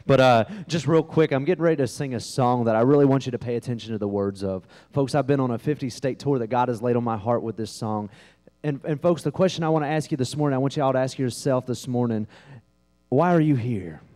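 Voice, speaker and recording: A young man, a visiting gospel singer, exhorting a church congregation in a rapid, urgent way, repeating himself as he presses his point. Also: mid-range voice, darkish tone. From West Virginia, USA. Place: church service before a congregation.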